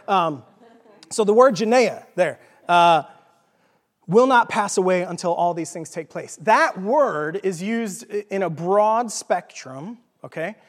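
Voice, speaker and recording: A Texan preacher with a fairly high voice gives an informal teaching sermon in a church, joking casually and often pausing to ask "okay?" The long echo of a large hall rings around his voice.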